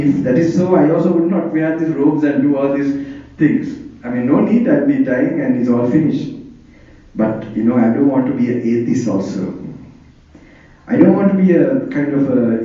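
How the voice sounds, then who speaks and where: Sri lankan monk giving a chatty rambling sermon, dark mellow voice a bit high, sounds far off in an echoey hall. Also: male voice. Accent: Sri Lankan English. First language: Sinhala. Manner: chatty and digressive, chuckling often. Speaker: Buddhist monk. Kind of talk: informal Dhamma sermon. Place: hall on tour. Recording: roomy, distant, lo-fi hall recording.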